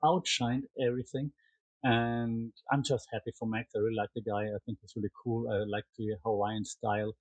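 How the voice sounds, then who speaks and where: A German-accented man talks through recent fights in a loose, rambling solo chat, stopping and restarting often. His voice is husky and sits at a middle pitch. The sound is dry and close, with no room around it. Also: little pitch movement, fairly quick, no room sound, rough recording. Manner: chatty, rambling, frequent fillers and restarts. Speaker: MMA commentary podcaster. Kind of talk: casual solo fight recap.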